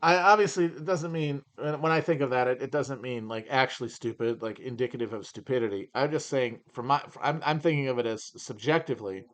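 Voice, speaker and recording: A man's voice: medium pitch, fairly quick, few pauses. Rambling wry man in a livestream Q&A. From upper Midwest of the US. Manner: rambling, wry, opinionated, with many restarts. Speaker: podcast host. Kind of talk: livestream Q&A chat.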